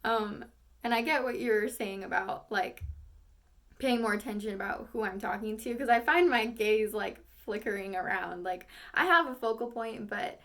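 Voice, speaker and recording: A woman's voice: mid-range voice, moderate pace, fairly bright tone. A young woman, an acting student, thinking aloud between rehearsal takes, rambling and self-critical with lots of fillers.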